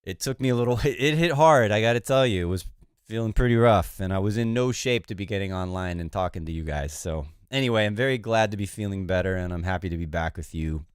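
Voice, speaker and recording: Casting: male livestream host, lowish congested voice, laid-back and rambling, dry close mic, faint music under. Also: fast, smooth, no echo. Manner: relaxed, rambling, many fillers. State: congested, recovering from illness. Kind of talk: casual livestream chat.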